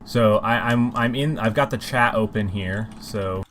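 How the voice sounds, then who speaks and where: A man's voice: lowish voice, measured pace, a bit bright. A man co-hosts a casual live-streamed podcast in an easygoing, think-aloud manner. Faint noise and keyboard typing sit under his voice. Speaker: podcast co-host.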